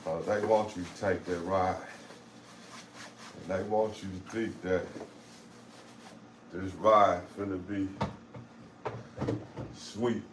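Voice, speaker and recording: In a roomy recording with faint background noise, a St. Louis live stream host chats casually, streetwise in tone and prone to repeating phrases. His voice is deep with fairly even intonation, slow and marked by long pauses.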